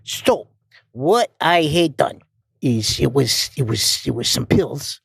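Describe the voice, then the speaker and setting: A man's voice: mid-range voice, animated, slow pace, gravelly, slightly rough, dry recording, studio quality, exaggerated voice. A man voicing a nervous, stammering middle-aged male accountant who leaves a rambling voicemail. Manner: stammering, repeating words, flustered. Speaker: voicemail caller.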